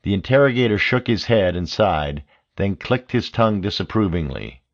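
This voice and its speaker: A man narrating an audiobook in a steady, measured way. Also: fairly low pitch. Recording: dull lo-fi audio.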